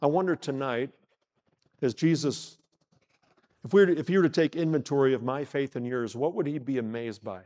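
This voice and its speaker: A middle-aged man preaching a sermon, asking the congregation questions, pausing for effect and acting out short exchanges in the story. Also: mid-range voice, a little mellow. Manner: preaching with rhetorical questions, dramatic pauses and retold dialogue. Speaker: pastor. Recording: long hall reverb.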